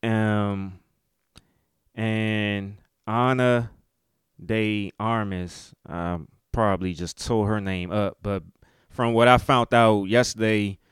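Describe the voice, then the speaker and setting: A man with a low, smooth and resonant voice talks through his podcast alone in an easygoing way, swearing freely and chuckling often. The sound is dry and close, with no room echo. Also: steady tone, slow pace. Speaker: podcast host. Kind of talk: casual solo podcast commentary.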